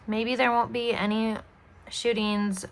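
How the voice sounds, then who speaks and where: A woman voicing a worried, hopeful young girl in a storybook, earnest and soft-spoken. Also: a little high, little pitch movement, slow, gravelly.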